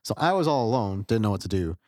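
Guy co-hosting a podcast, kinda low voice, joking around, dry sound. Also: very animated, quick pace, darkish tone, no room sound. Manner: laid-back, jokey banter. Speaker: podcast co-host. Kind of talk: casual podcast chat.

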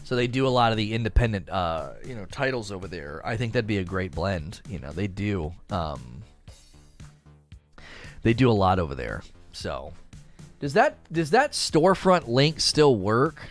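Chatty man with a lively voice. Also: fairly low pitch, normal speed, soft background music. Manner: rambling, chatty, animated. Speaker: streamer reading chat. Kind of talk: casual livestream chat.

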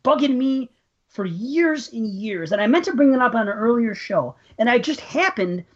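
A woman's voice: a little high, lively intonation, moderate pace, muffled recording. A woman co-hosting a podcast in casual chat, swearing freely and ranting in exasperation. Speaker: podcast co-host.

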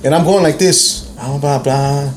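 A man telling a story in a casual podcast chat, animated and profane, acting out the quotes. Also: medium pitch, unhurried, echoey room, slight background noise. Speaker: podcast co-host.

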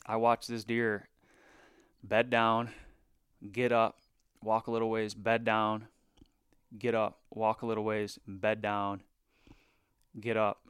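A man recounting a bowhunt in a casual podcast chat, animated and full of fillers, sometimes dropping into hushed asides. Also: fairly low pitch, takes it slowly, long pauses, smooth, no echo, clean studio sound. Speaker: bowhunter guest.

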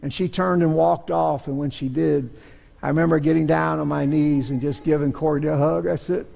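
A man's voice: a little high, steady tone, moderate pace, gravelly, darkish tone, a little hiss or hum. A middle-aged man, a pastor, preaching a sermon in a church sanctuary, telling stories in an earnest, self-deprecating way. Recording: long hall reverb.

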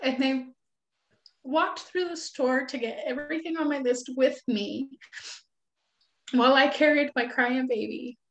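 A woman in her forties, a guest who is an author and mother, tells a personal story in an earnest, animated, conversational way. Her voice is high and her pace measured, with frequent pauses. The recording has a roomy echo.

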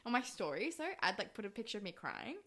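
A woman's voice: mid-range voice, very animated, quick pace, crowd noise. A woman in her twenties hosting a podcast, chatting casually, swearing freely and laughing often. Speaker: podcast host. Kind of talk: casual chat.

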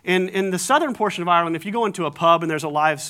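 Bright-voiced American man preaching. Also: high-pitched, very fast. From United States. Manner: conversational, self-correcting, lightly humorous. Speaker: pastor. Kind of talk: sermon.

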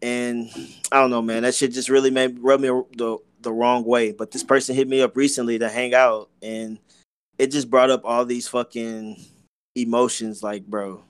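A man's voice: mid-range voice, little pitch movement, normal speed, smooth, dry recording. Young guy, podcast co-host, loose profane storytelling, dry close mic. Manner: rambling, profane storytelling with many fillers. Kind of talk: casual chat.

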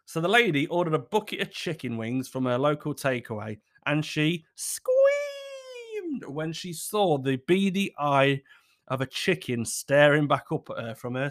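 A man's voice: on the high side, fairly bright tone. Cheeky sweary man podcasting. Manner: cheeky, sweary, laughs at his own jokes. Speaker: podcast host. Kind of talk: casual solo podcast chat. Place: at home in his kitchen.

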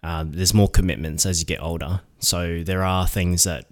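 A low-pitched man co-hosts a casual podcast. He talks in a relaxed, rambling way and slips into loose slang. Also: moderate pace. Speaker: podcast co-host.

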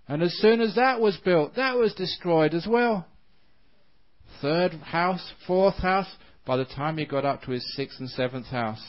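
Animated monk telling a story. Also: male voice, medium pitch, dull audio. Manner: animated storyteller, laughs often. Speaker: Buddhist monk. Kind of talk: dharma talk with a told story.

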